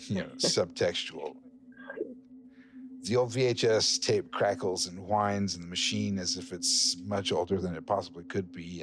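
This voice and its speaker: A man running a horror tabletop game as game master, narrating slowly and sometimes dropping to a whisper. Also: deep voice. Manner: slow, hushed narration that drops to a whisper.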